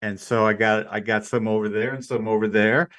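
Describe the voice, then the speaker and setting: A man's voice: on the low side, flat delivery, a little fast, a bit bright. A man calling into a livestream as a guest, rambling and repeating himself. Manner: repeats and restarts words, rambling. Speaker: guest caller. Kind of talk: casual call-in chat. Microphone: home desk mic.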